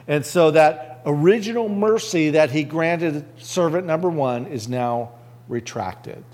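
A man's voice: a little high, measured pace, darkish tone. Man preaching a conversational sermon. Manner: asks the listeners rhetorical questions. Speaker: pastor.

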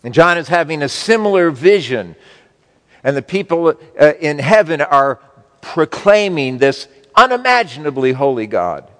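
A man's voice: on the high side, big pitch swings. Man preaching in a reverberant sanctuary. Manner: slow, emphatic preaching with wide swings in loudness. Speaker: pastor. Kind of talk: sermon.

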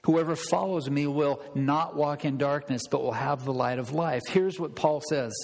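A man's voice: on the high side, normal speed, darkish tone, big-room sound, poor audio. A man preaching a sermon as pastor, emphatic and repeating key phrases for stress.

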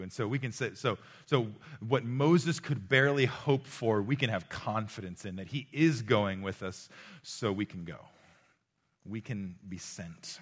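Guy preaching to students, lowish voice, gets loud then goes real quiet, stumbles and repeats words. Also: animated, unhurried, breathy edge. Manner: impassioned, rising and falling between loud exhortation and hushed tones; repeats words and restarts as he speaks. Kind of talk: sermon. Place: room with a live audience.

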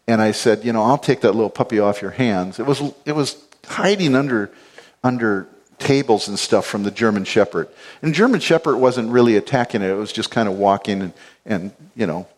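A middle-aged man preaching a sermon, telling stories with acted-out quotes and chuckles. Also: on the low side. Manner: animated storytelling with acted-out quotes and laughs. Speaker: pastor.

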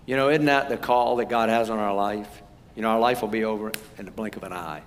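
A man's voice: fairly low pitch, a little fast. A man from the United States giving a sermon, telling stories earnestly and building to emphatic points. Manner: earnest, storytelling, rising emphasis. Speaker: preacher. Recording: long hall reverb.

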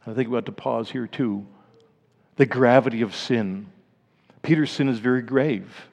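A male pastor delivering a sermon in a middle-pitched voice that sinks into hushed, grave lows before climbing to emphatic peaks. His words ring out with a long reverb, as if he is speaking in a large church sanctuary. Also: normal speed, vocal fry, long pauses, lo-fi sound.

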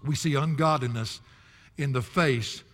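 A man's voice: medium pitch, a little slow, a bit bright, long reverb tail. An older man preaching an expository sermon, folksy and emphatic, with chuckling asides. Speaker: pastor.

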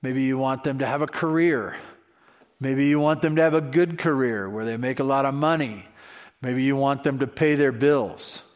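A man's voice: mid-range voice, moderate pace. A male pastor preaching a sermon in a conversational way, with rhetorical questions. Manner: conversational, many fillers and restarts, rhetorical questions.

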